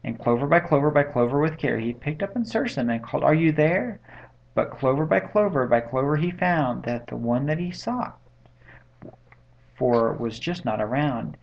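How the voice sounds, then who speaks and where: A man reads a rhyming picture book aloud at bedtime, keeping a lively, rhythmic beat. His voice has a gravelly edge. It is recorded at home on a webcam, so the sound is dull and lo-fi. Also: mid-range voice, normal speed. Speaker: bedtime story reader. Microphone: webcam mic.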